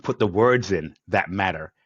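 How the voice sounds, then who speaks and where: A man hosting a podcast interview speaks in a fairly low voice, enthusiastic and given to rambling. The sound is dry and dull, like a remote recording without much room to it. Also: moderate pace, fairly bright tone, slightly rough, no room sound. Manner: enthusiastic, rambling, acts out quotes. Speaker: podcast host. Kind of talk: conversational interview.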